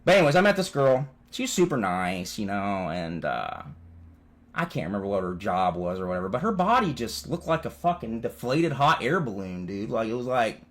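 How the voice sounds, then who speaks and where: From home, a man with a lowish voice vlogs a little fast, telling rambling stories. He's animated, swears constantly and says "dude" often, making it profane, casual storytelling.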